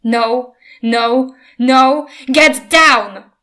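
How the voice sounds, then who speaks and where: A woman reading as a young queen shouting down her dragon. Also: on the high side, very slow, voice pushed up, heavily acted. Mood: commanding. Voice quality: shouting commands, urgent.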